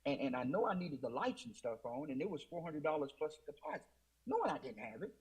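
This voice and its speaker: Interview guest: a man with a slightly high, husky voice who tells his testimony earnestly and repeats himself. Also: sing-song, fast talker, low-quality recording. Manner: earnest, repetitive retelling with many fillers and restarts. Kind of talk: personal testimony storytelling.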